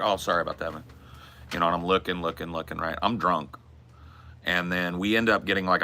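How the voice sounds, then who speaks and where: A man's voice: sits low, bright, forceful tone, slight background noise. A man hosting a podcast, telling a loose, profane, rambling story in casual chat. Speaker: podcast host.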